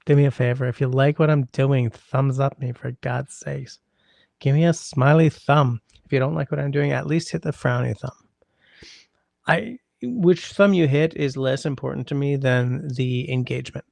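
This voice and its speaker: A man's voice: medium pitch, moderate pace, creaky, a little mellow, no room sound. A man hosting a casual livestream, reading viewer comments aloud and rambling with wry asides in a chatty way. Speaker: livestream host reading chat.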